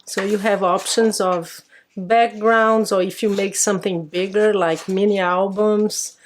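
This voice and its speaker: A woman's voice: medium pitch, steady tone, measured pace, a little hiss or hum. A woman hosting a crafting channel, casually unboxing a card kit with fond, chatty commentary and frequent restarts.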